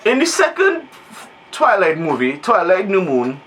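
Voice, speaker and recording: A man's voice: sits high, wildly swooping pitch, unhurried, a bit bright, rough recording. A man in his thirties giving a comedic, profane, exasperated movie review rant. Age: 30s.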